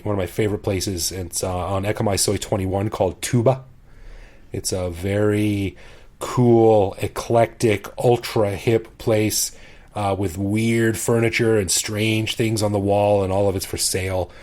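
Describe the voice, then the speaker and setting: A man's voice: lowish voice, fairly even intonation, normal speed, darkish tone. A middle-aged man co-hosting a podcast, chatting casually and enthusiastically, often laughing and restarting phrases. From expat living in Bangkok. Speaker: podcast co-host. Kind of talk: casual chat.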